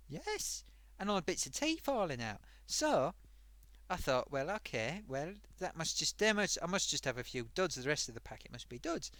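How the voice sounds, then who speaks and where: A performer voicing a chatty old grandmother sock puppet who hosts a live stream and tells a rambling story. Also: dry recording. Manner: rambling, animated, wild pitch swings.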